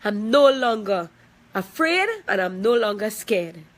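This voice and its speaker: A woman's voice: mid-range voice, expressive, a little slow. A middle-aged woman with a Trinidadian accent making an emotional personal video statement, tearful and emphatic, repeating herself for weight. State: crying at times.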